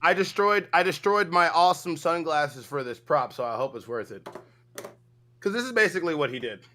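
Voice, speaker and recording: A man's voice: a little high, lively intonation, brisk, bright, forceful tone, slight background noise. A brash man co-hosting a commentary stream, swearing freely in casual talk. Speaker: co-host.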